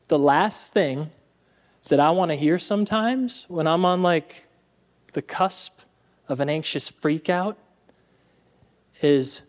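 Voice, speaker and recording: A man preaching a sermon as pastor in a church. He talks in an animated way, laughs often and calls out to the congregation. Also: a little high.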